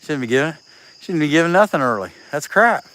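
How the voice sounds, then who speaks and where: A folksy, joking chainsaw carver from Southeast Ohio livestreams from a rural outdoor carving spot, reading viewer names and chatting casually while working, though he's short of breath. His country, Appalachian-leaning voice is fairly high, animated, brisk, and a bit bright, in a low-quality recording.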